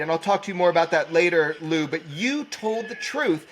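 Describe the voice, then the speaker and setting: A man hosting a podcast, chatting casually in an excited, joking and affectionate way. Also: a little high, a little fast, a little hiss or hum. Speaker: podcast host. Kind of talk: casual chat.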